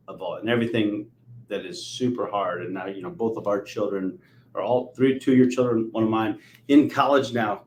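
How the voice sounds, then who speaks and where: Animated man in his forties, echoey room. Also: fairly low pitch, a little hiss or hum. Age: 40s. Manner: animated storyteller, acts out quotes. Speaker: podcast host. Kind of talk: conversational interview.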